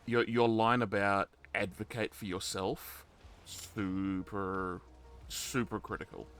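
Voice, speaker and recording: A man's voice: lowish voice, steady tone, slow pace, fairly bright tone, clean tone. A man in his thirties hosting a casual interview, telling stories with lots of animation, jokes and laughter. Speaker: podcast host and roleplay community admin.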